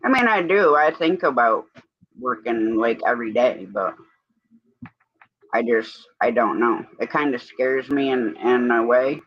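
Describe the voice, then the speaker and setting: A man's voice: medium pitch, animated, measured pace, dry recording, lo-fi sound. A man hosting a livestream, telling rambling stories in casual chat and quoting back and forth with "I said". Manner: rambling storyteller, quoting others with "I said". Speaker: livestream host.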